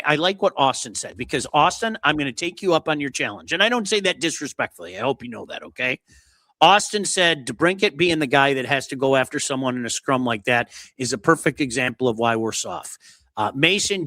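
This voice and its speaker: A man hosting a sports talk show, blunt and animated, reading out viewer comments and going over player stats. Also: fairly high pitch, no room sound, clean studio sound.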